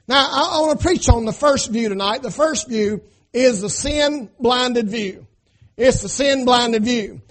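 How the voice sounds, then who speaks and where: High-pitched male pastor preaching, call-and-response cadence, builds to shouting. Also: a little slow. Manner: preacher cadence, frequent "amen?" call-outs; rising to shouting at climaxes. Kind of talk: sermon.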